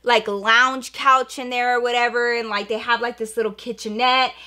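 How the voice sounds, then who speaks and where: A young woman makeup artist telling an animated storytime in a vlog, full of slang and acted-out quotes. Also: fairly high pitch, normal speed.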